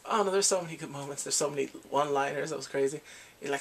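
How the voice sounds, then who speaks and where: Animated, gravelly man recapping a drama. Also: on the high side, fast, a little hiss or hum. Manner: animated, acts out scenes with squeals and laughs. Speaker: drama reviewer. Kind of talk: casual recap vlog.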